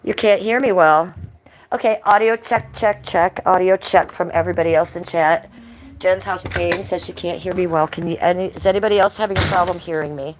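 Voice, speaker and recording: A woman's voice: on the low side, steady tone, brisk, slight background noise, low-quality recording. An American woman hosting a casual livestream while walking through her house, chatting with viewers and cooing at her pets. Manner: chatty, talks baby talk to her pets. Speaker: livestream host. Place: house, indoors and on the porch.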